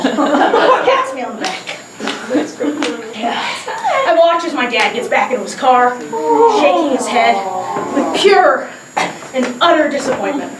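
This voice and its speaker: Very high, animated woman telling a comic story. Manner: animated, laughing often, acting out quotes. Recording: echoey distant mic with noise.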